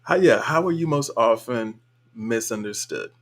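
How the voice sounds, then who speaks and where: A relaxed man chats his way through viewer comments on a morning live stream. He talks in a colloquial, easygoing way and chuckles often. His voice sits at an ordinary middle pitch. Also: normal speed. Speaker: livestream host. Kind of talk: casual live-stream chat reading comments.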